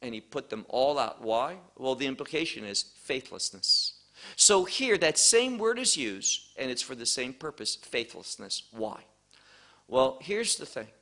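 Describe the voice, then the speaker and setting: A man teaching a Bible passage verse by verse, explaining Greek wording in a deliberate, measured way. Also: mid-range voice, sing-song, pushed and bright.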